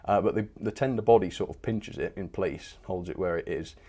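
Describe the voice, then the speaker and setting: A man with a lowish voice chats casually as a live-stream host. His delivery is cheerful and easygoing, with frequent light laughter, like someone enjoying a hobby with viewers. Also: fairly quick, dark tone. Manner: cheerful and chatty, laughs often.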